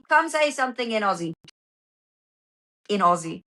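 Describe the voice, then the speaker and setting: A woman who is a podcast guest, chatting casually and explaining things in a lively, playful way. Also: medium pitch, moderate pace, long pauses, poor audio. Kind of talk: casual chat.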